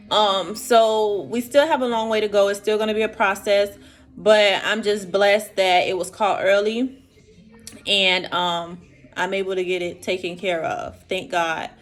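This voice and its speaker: A young woman tells viewers her personal story in an earnest, emotional vlog, speaking to them directly. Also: medium pitch. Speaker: vlogger sharing her diagnosis.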